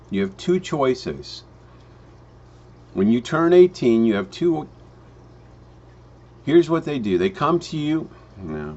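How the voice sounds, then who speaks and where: Man telling a slow parable. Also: medium pitch. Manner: storytelling with restarts, slow emphatic phrasing. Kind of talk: spoken parable for a home business pitch. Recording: dull lo-fi recording.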